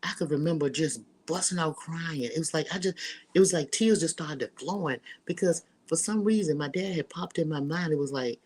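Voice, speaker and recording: A woman's voice: deep voice, normal speed, darkish tone, husky. A middle-aged woman hosting, telling a personal story in casual chat to her listeners, candid and earthy. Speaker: host.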